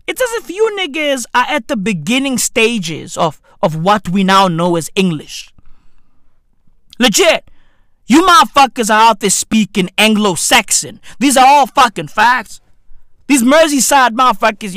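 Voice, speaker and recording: A man in a profane comic rant, incredulous and swearing, jumping to a squeaky high pitch in disbelief. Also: animated, a little slow, pushed and bright, no room sound, clean studio sound. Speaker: comedian.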